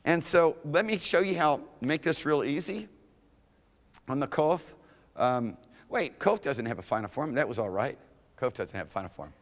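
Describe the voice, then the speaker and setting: This Hebrew teacher speaks at a normal speed, his fairly high voice carrying lively intonation and a big-room sound. Leading an introductory lecture, he chats with the students conversationally and keeps checking in with "okay?"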